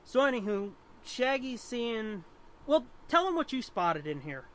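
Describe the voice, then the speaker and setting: A man co-hosting a comic-book podcast in casual chat, excitable and profane. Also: very high-pitched, unhurried. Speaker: podcast co-host.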